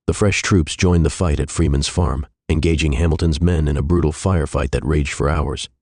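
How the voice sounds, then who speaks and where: A man narrating a historical fiction story in a measured, even way. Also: very deep voice, breathy edge, dry recording, studio quality.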